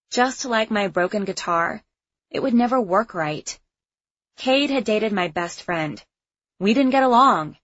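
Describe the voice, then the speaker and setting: A woman reading a first-person novel aloud with an expressive, introspective delivery. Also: mid-range voice, no echo, highs cut off. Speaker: audiobook narrator. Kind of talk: first-person audiobook narration.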